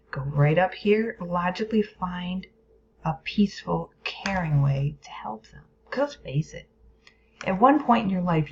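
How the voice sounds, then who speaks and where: There's a little hiss or hum behind this woman's low, somewhat mellow voice. In a dull, lo-fi educational video, she teaches about stress and the brain in plain terms, slipping in whispered playful asides and voicing inner thoughts as characters.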